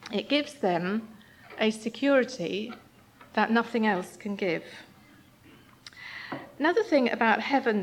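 A woman giving an earnest, gentle sermon in a church, sometimes reading passages aloud. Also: a little high. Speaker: church speaker.

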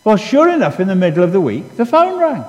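A man's voice: sits high, wildly swooping pitch, fairly quick, darkish tone, long reverb tail, poor audio. A man preaching a sermon, telling stories in a conversational, self-deprecating way with many restarts. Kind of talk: sermon with storytelling.

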